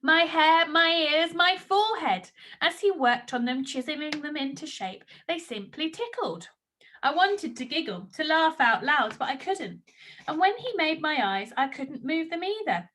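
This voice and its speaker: A woman's voice: sits high, sing-song, unhurried, a bit bright. A woman reading a storybook aloud, narrating expressively in the first person.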